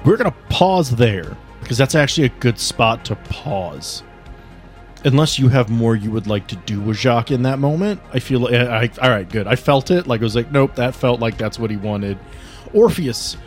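A man's voice: mid-range voice, expressive, normal speed. Male game master, playful, upbeat, music in background. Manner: playful and encouraging, laughs easily. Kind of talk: running a tabletop game.

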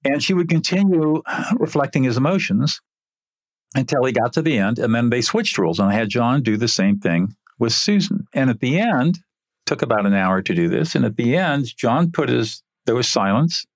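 An older man, an interview guest, telling a story from his work in an earnest, animated way. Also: mid-range voice, moderate pace, no echo, clean studio sound.

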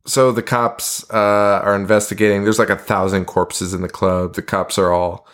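A man's voice: lowish voice, flat delivery, normal speed, fairly bright tone. A man co-hosting a podcast in casual chat, laughing often and swearing as he retells scenes. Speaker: podcast co-host.

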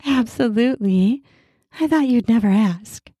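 A woman's voice: a little high, a little slow, warm tone, husky, dry recording, studio quality, voice pushed up. A woman doing a sweet, teasing seductress.

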